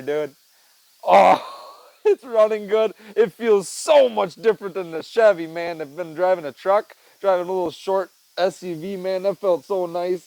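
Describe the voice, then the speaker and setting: A man's voice: mid-range voice, darkish tone, rough recording. A tired man hosting a casual podcast on his own, rambling loosely and swearing, with "man" and "dude" dropped all through. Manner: rambling, laid-back, swears, says "man" and "dude" often. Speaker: podcast host. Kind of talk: casual solo chat. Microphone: headset mic.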